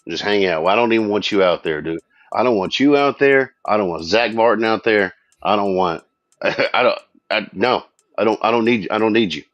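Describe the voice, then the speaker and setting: A man's voice: lowish voice, no echo, highs cut off. A man from Texas guesting on a sports podcast, blunt and joking in casual chat. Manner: blunt, joking, drawn-out complaints.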